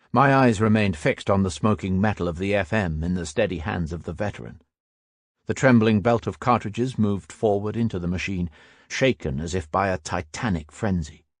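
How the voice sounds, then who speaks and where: A man narrating a first-person war memoir audiobook in a steady, grave manner. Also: lowish voice, dry recording, clean studio sound.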